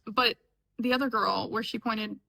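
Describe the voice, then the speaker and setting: A woman's voice: on the high side, steady tone, moderate pace, gravelly, pushed and bright, slightly rough, poor audio. A young woman from upstate New York, chatting casually and sarcastically as she reacts to clips, often laughing. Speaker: reaction vlogger. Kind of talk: casual chat.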